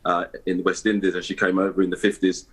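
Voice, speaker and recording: A man's voice: low voice, little pitch movement, fast talker, husky, poor audio. A middle-aged man, a guest in a live broadcast interview, talking hesitantly with many fillers and restarts. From East London, England. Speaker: interview guest, award ambassador.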